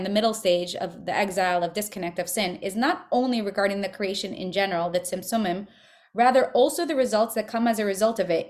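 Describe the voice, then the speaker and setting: A woman's voice: medium pitch, a little mellow. A woman leading a religious study group, speaking earnestly in a casual, conversational way and repeating words for emphasis. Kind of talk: casual spiritual teaching and text reading.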